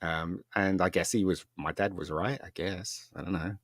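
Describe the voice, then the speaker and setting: A man with a low, deep voice talks in a casual podcast chat. He tells a rambling personal story with animation and laughs often. The sound is dry and close, with no room echo. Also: steady tone, moderate pace. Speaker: podcast guest, filmmaker.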